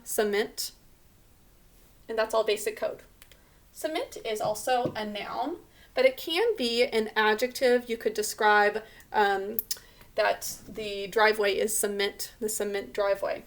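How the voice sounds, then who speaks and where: A woman teaching a remote spelling lesson to children, patiently sounding out words letter by letter. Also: on the high side.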